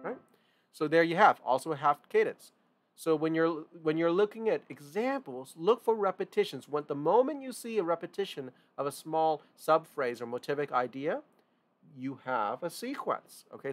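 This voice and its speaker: A man teaching a music theory lesson in a loose, informal way. He repeats and stresses key points and often restarts his sentences. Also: a little high. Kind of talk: casual online lesson.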